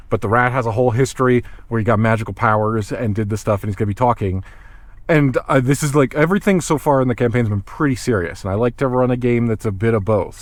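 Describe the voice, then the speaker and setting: A man's voice: medium pitch, no room sound. A man who films wildlife, talking casually to the camera in his vlog, thinking aloud, restarting sentences and drifting between topics. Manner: chatty, self-interrupting, thinks aloud. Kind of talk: casual rambling vlog monologue. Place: in a car, then outdoors in a cold parking lot.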